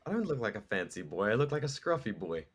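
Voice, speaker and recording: A man's voice: on the low side, sing-song, fast talker, husky. A man hosting a podcast in casual chat, teasing and swearing, laughing often. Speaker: podcast host.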